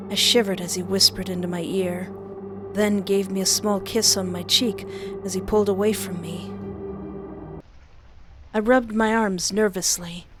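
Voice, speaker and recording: A woman reading a story aloud, often breaking off into excited, squealing asides. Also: medium pitch, a little slow, pauses often, over music. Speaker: story reader.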